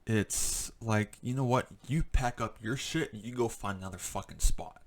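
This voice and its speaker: A man's voice: on the low side, slow. A man ranting angrily in a vlog, profane and rambling, full of fillers, still shaken after a confrontation. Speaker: vlogger. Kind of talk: angry ranting monologue.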